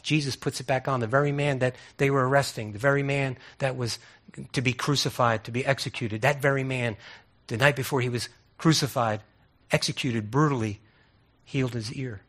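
Preaching in a chatty way, this man keeps asking rhetorical questions and restarting what he says. He speaks at a moderate pace in a mid-range voice that is steady and fairly bright.

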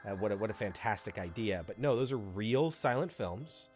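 A man's voice: lowish voice, soft background music. Chatty man retelling a film. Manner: chatty, profane, animated retelling with quick asides. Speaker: podcast co-host. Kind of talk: casual film discussion.

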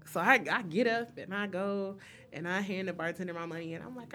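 A young woman co-hosting a podcast, telling a story with lively acted-out quotes in casual chat. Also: mid-range voice, moderate pace, slight background noise. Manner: animated storyteller, acts out quotes. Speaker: podcast co-host.

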